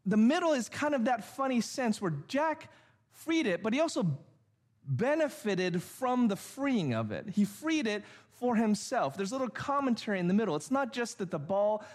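A man with a high-pitched voice teaching a sermon. He builds his point patiently through examples, keeps asking whether the listeners follow, and restarts his sentences now and then while searching for words. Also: big pitch swings, normal speed. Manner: explains step by step with examples and frequent "all right?" checks. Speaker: pastor.

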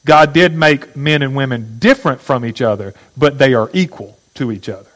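A man gives a teaching sermon with a mid-pitched voice. He explains points slowly and often puts questions to his listeners. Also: expressive, a bit bright, low-quality recording. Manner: teaching, asks the audience questions. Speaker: pastor.

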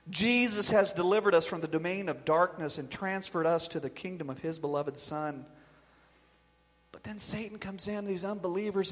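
Male pastor, emphatic sermon delivery with loud bursts, high voice, echoing church hall. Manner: emphatic preaching, rising to loud bursts on key phrases. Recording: long reverb of a large hall.

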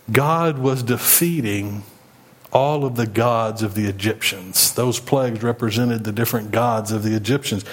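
A man's voice: lowish voice, moderate pace. A man preaching a sermon in a conversational way, retelling the story and acting out the speakers he quotes. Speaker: pastor.

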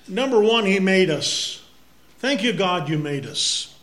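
A man's voice: high-pitched, expressive, unhurried, a bit bright. A man with a Massachusetts accent preaching a sermon, reading scripture refrains and talking in a conversational way. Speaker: pastor.

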